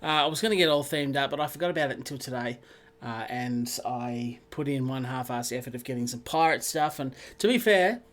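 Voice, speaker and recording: A man's voice: medium pitch, brisk, fairly bright tone. A man hosting a live sim racing stream, chatting casually and greeting viewers by name.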